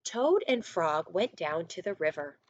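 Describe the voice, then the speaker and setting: A woman first grade teacher reading a storybook aloud to her class, animated and coaxing, with little asides to the children. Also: lowish voice, unhurried, highs cut off, slight background noise.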